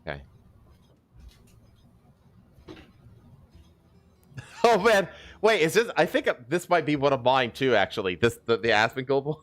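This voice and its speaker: A man's voice: medium pitch, expressive, a little slow, pauses often, fairly bright tone. A man hosting a casual podcast, reacting to clips with laughs and rambling asides. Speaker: podcast host.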